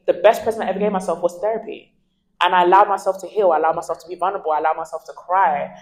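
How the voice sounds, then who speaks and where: Animated young woman telling stories. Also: on the low side, rough recording. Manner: animated storyteller, acts out quoted dialogue. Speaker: interview guest. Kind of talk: candid conversational interview.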